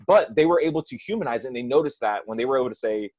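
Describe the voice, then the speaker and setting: A man's voice: medium pitch, rapid-fire. A man who works as a nutrition coach, talking casually on a podcast and often adding "right?" and "like". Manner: relaxed, says "right?" and "like" often.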